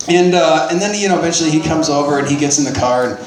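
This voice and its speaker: A man with a notably high voice spins a rambling, profane story about himself. He laughs at his own mistakes and restarts his sentences often. The sound is roomy and echoey. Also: steady tone, fast talker, slight background noise. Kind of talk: personal storytelling.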